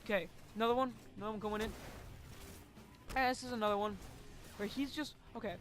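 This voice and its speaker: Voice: mid-range voice, fairly even intonation, fast, faint music behind. A casual storyteller recounting a story over gameplay, rambling with lots of fillers and casual swearing.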